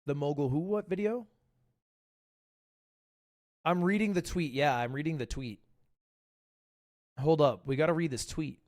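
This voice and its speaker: A man hosting a livestream, chatting casually in a rambling, joking way with quick asides. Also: a little high, a little mellow. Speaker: livestream host. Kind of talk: casual reaction-stream chat.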